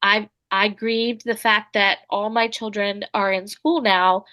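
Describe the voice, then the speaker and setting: A woman's voice: medium pitch, steady tone, takes it slowly, bright, forceful tone, clear, resonant tone. Earnest woman author as guest. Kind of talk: conversational interview.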